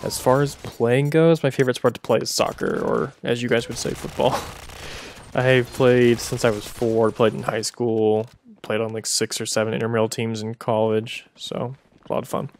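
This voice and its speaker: A man's voice: mid-range voice, flat delivery, moderate pace, slight background noise. A young man answering viewer questions in a casual, chatty way, with joking asides. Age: young adult. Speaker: gaming video creator.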